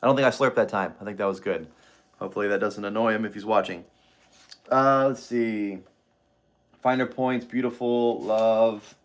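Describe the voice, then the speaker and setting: A man's voice: lowish voice, steady tone, moderate pace. A man hosting a live stream, thinking aloud over clues in a treasure-hunt book, reading short passages and replying to chat with many restarts.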